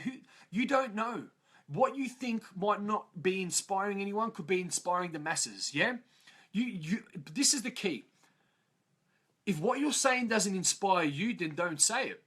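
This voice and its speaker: A man's voice: high voice, animated, measured pace, fairly bright tone, breathy edge. A man speaking on a live stream in a room of his parents' house, bluntly motivating listeners, swearing freely and acting out other people's complaints.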